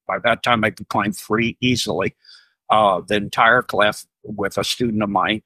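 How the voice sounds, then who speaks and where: A man's voice: fairly low pitch, dry recording. A middle-aged man, a retired Navy submariner, telling stories as a podcast guest, acting out dialogue and chuckling often. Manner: animated, acts out dialogue in raised voices, chuckles often. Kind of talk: casual storytelling interview.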